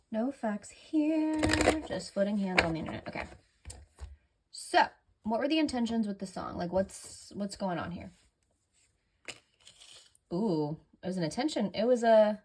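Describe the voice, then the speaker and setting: In a medium-pitched voice with a breathy edge, a woman does a casual tarot reading. She rambles, leans heavily on fillers, corrects herself often, and can be heard breathing heavily.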